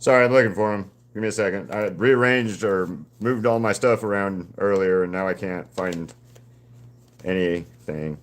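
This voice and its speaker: Man, deep voice, laid-back rambling host of an art live stream. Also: normal speed. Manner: relaxed, rambling, greets viewers by name. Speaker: artist live-streaming a painting session. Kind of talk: casual live-stream chat with viewers.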